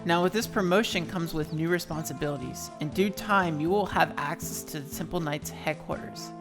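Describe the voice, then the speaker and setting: A woman's voice: low-pitched, normal speed, over music. A woman voicing a pompous, jolly old male knight commander with posh, old-fashioned phrasing. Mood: briskly official.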